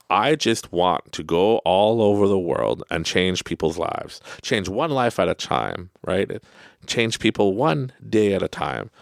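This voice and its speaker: A man with a Canadian accent hosting a podcast, giving an animated, conversational motivational monologue and laughing often. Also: deep voice, creaky, no room sound, clean studio sound. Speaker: podcast host.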